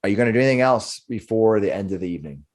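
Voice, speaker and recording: Man, game master, tabletop game narration, animated pitch, halting restarts.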